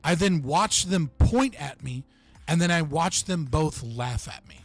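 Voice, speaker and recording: A man's voice: on the high side, expressive, measured pace, soft background music. A young man telling a story casually on a livestream, rambling with many restarts and laughing at himself. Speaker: livestream host.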